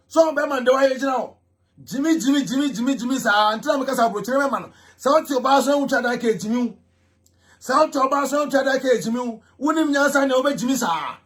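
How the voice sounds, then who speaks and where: A man ranting loudly as a vlog host, repeating himself and mocking. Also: very high voice. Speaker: vlogger host. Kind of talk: animated ranting commentary.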